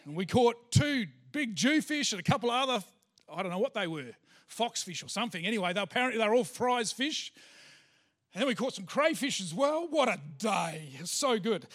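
High-voiced pastor preaching. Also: male voice, lively intonation, moderate pace, a bit bright. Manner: chatty storytelling, many fillers. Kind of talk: sermon with personal story.

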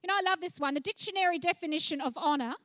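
An Australian woman delivers a sermon from a church stage in a very high voice. The sound is dry and close, with no room echo. She preaches in a chatty, frank way, breaking off for asides. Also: racing, fairly bright tone. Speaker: pastor.

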